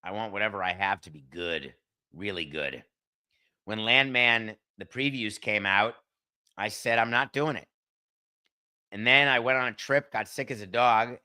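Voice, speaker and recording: A man's voice: fairly low pitch, pushed and bright, smooth. A middle-aged man hosting his own podcast, giving blunt, sarcastic opinions in a solo commentary and joking at his producer. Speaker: podcast host.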